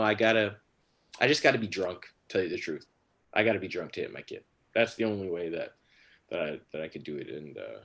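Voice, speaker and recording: Rambling lower-voiced male comic. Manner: rambling, many fillers and restarts, crude. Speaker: stand-up comedian. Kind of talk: stand-up set on a livestream.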